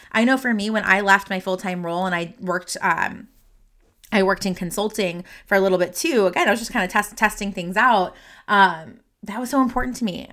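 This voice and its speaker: A woman hosting a solo podcast as a career coach, talking unscripted, earnest and rambling, speaking straight to her listeners into a desk microphone. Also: medium pitch. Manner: earnest, rambling, heartfelt, addresses listeners directly; animated, gestures while talking.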